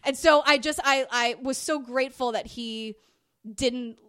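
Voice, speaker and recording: A woman guest on a podcast, gushing and animated as she retells a story in casual chat. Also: high-pitched, measured pace, smooth, no echo, studio quality.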